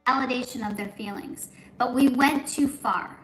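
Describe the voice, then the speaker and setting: Woman giving measured parenting advice. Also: a little high. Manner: measured, instructive. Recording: clip with room echo, faint music.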